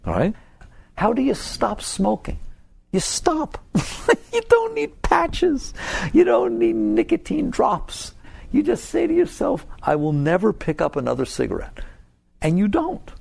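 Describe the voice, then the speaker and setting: An older spiritual teacher gives a talk to an audience, animated and laughing often, his voice jumping high for emphasis. It has a gravelly, breathy edge.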